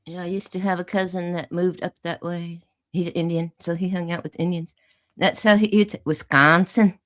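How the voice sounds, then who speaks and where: A woman's voice: on the low side, flat delivery, moderate pace, no echo, clean studio sound. Chatty Southern-accented woman from Texas. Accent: Southern American. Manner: chatty storyteller, folksy phrases. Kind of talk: casual chat.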